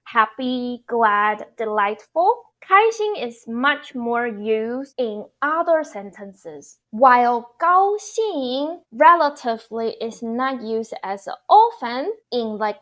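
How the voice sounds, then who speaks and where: Slow, high-voiced woman teaching Mandarin. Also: a bit bright. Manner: explains slowly with frequent fillers and repeats phrases for practice. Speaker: language teacher. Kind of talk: casual online language lesson.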